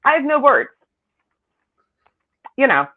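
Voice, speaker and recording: A woman psychic co-hosting a casual chat, incredulous and rambling, quick to laugh. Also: sits high, very animated. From Britain. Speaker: psychic co-host. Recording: tinny phone-like line.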